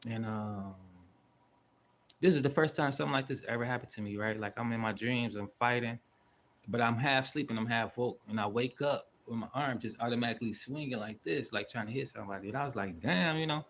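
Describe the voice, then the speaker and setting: A man's voice: mid-range voice, brisk, a bit bright, a little hiss or hum. A man hosting his own channel, telling a story in a loose, rambling, slangy way with heavy swearing. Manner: rambling, with many fillers and asides. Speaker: channel host. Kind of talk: casual spoken storytelling.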